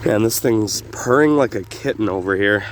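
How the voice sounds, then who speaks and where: Rambling young man outdoors by engine. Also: fairly low pitch. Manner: relaxed, rambling with frequent "uh" pauses. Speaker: homestead vlogger. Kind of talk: casual outdoor vlog narration. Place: outdoors on a snowy rural property. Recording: faint engine noise behind. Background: idling engine.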